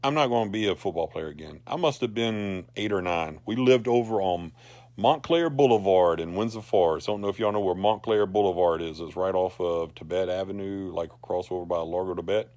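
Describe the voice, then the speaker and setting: A man, animated and rambling as he tells a personal story to a group. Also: sits low, a little fast, no room sound. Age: 40s. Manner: rambling, animated, laughs through his lines.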